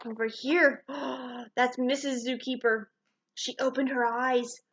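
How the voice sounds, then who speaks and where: High-voiced lady reading a kids' picture book, lively, gasping, kinda dull lo-fi sound. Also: slow, a little hiss or hum. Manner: animated, gasping, pointing things out. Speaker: storybook reader.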